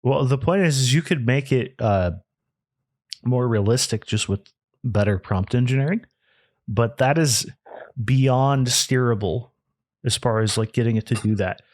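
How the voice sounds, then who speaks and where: Male podcast co-host, casual and rambling, medium pitch, dry close sound. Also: a little slow, a little mellow, dry recording. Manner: rambling, restarts often, laughs easily. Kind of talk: casual chat.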